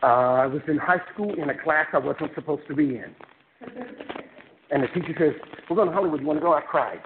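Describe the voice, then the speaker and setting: A man giving an animated motivational talk to a university class, joking with the audience and taking questions in a lecture room. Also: a little high, fairly quick. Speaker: guest speaker. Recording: tinny phone-like recording with noise.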